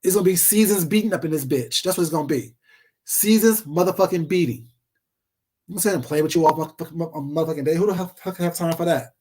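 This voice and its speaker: This vlogger's voice is fairly high and darkish, and he talks fast. He rants casually to camera in a profane, combative, confrontational way.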